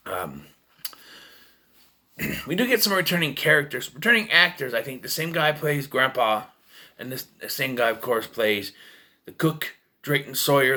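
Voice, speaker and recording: Rambling bright-voiced man reviewing films. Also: medium pitch. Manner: rambling, hesitant, self-correcting. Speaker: movie reviewer. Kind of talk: casual video review.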